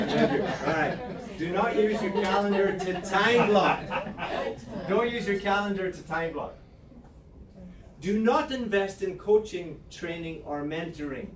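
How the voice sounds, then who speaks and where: A man with an Irish accent from Ireland, leading a real estate team meeting in an office with playful, sarcastic teasing. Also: high voice. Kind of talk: motivational team meeting talk. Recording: echoey room from far off, noisy.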